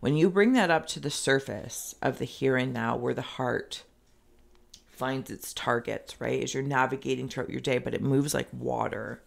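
A woman talks the viewer through a tarot reading in a rambling, meandering way, with plenty of "like." Her voice has a gravelly, creaky edge. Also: rumbling low, moderate pace. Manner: speaks directly to the viewer. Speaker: tarot reader.

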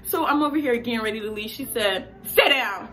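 A woman vlogger in a casual rant, animated and exasperated, talking with lots of slang. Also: a little high, quick pace.

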